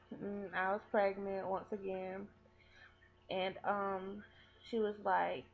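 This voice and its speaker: A woman in her twenties telling a personal story in a vlog, earnest and rambling, with lots of "like.". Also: medium pitch. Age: 20s. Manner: earnest, rambling, heavy use of "like". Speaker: vlogger. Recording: tinny phone-like audio.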